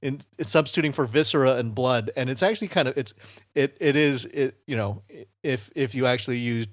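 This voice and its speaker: A man's voice: mid-range voice, fairly quick, no echo, studio quality. A man hosting a podcast in casual chat, rambling with many fillers and restarts. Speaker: podcast host.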